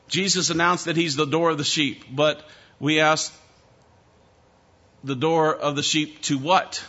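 A man preaches an expository sermon with an emphatic, direct manner, calling out to his listeners. His voice sits high and sounds bright and forceful. The recording is a little dull and lo-fi. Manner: emphatic, addresses listeners as beloved, asks for amens.

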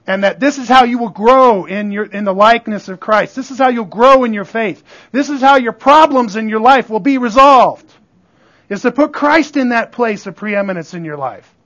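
A man's voice: high voice, fairly bright tone. A man preaching a sermon as pastor, in a conversational way with frequent call-outs to the congregation. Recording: dull lo-fi recording.

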